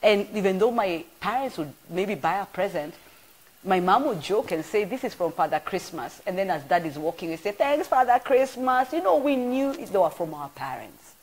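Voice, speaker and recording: Woman, Kenyan accent, middle-aged, pastor, animated sermon, husky, low-pitched. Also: normal speed, poor audio. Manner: animated storytelling preacher, swings loud and soft. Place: church broadcast.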